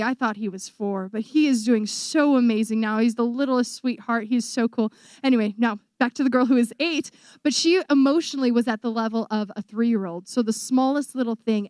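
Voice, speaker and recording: A young woman in her twenties who is a missionary, giving an animated testimony to a church audience and acting out the voices she quotes. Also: fairly high pitch, no room sound, clean studio sound. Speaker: missionary speaker.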